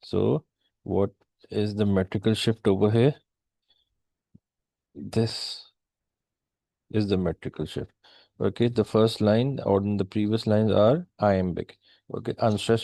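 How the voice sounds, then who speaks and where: A man's voice: lowish voice, measured pace, vocal fry, long pauses, dark tone, dry recording. A man teaching a poetry lesson, explaining lines step by step and slipping into Hindi asides.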